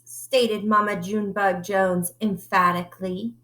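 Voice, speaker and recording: Slow, expressive woman reading to kids. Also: medium pitch. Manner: expressive, asks the children questions. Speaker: teacher reading aloud to children. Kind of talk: picture-book read-aloud.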